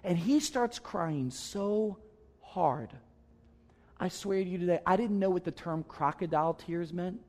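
A male pastor preaching in a slightly raised, bright-edged register. He tells a personal story earnestly and conversationally, pressing his points home with emphatic asides to the congregation. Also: high voice, a little slow. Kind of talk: sermon storytelling.

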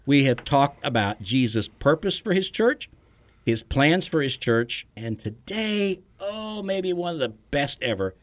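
A man's voice: fairly high pitch, very animated, measured pace. A middle-aged man, a pastor hosting a podcast, who teaches in an earnest, storytelling way and chuckles between points.

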